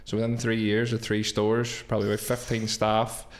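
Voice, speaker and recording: A man's voice: lowish voice, monotone, moderate pace. A man in his thirties with a Belfast accent, a guest on a podcast who tells anecdotes in a casual way, swears freely and acts out quoted dialogue. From Northern Ireland. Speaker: guest, business owner. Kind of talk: casual storytelling.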